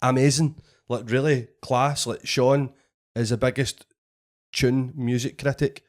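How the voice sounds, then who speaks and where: A man with a Scottish accent, a podcast host and comedian, telling an animated story full of swearing in casual chat. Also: mid-range voice, measured pace. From Scotland.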